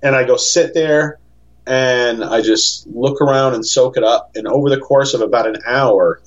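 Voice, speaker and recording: A man's voice: medium pitch, normal speed. Rambling man with a lo-fi sound. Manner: rambling, animated, acts out quoted voices. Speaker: guest. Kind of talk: casual storytelling chat.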